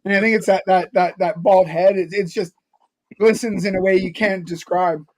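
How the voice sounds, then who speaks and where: A man's voice: sits high, steady tone, moderate pace. A man hosting a podcast, telling stories in casual, rambling chat. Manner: rambling storyteller with many fillers and restarts. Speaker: podcast host.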